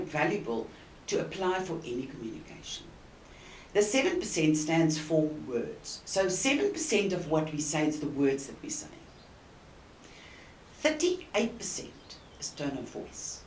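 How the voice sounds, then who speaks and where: A woman with a South African accent giving an earnest, emphatic coaching talk to the camera, with deliberate pauses. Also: low-pitched. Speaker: communication coach. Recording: roomy and distant with faint hiss.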